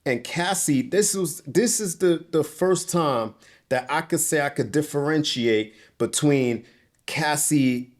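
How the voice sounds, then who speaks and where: Agitated young man, swearing. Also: mid-range voice. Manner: agitated, profane, repeats "bro". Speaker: interview guest. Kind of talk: emotional storytelling. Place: indoors on a couch.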